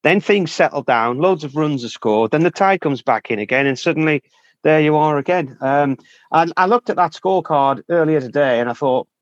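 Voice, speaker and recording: A man's voice: a little high, moderate pace, no echo, lo-fi sound. A man with a Northern English accent, a cricket correspondent, chatting in a teasing, rambling way with fillers. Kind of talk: casual cricket chat.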